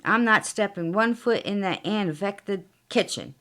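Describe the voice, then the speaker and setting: A woman's voice: medium pitch, a little slow, sharp tone. A woman voicing a bossy, nagging older wife who talks in a whiny, demanding, raised voice.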